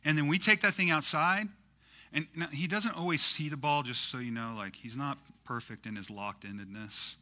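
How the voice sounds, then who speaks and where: A male pastor preaching a sermon in a casual, conversational way, full of fillers, that swells into loud, impassioned peaks. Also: on the high side, normal speed.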